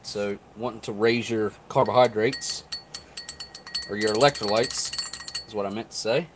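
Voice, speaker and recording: A man's voice: lowish voice, moderate pace. Man, casual food review, chewing and musing, faint background hum. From not Canadian. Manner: relaxed, thinking aloud while eating and chewing. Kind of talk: casual live-stream tasting review.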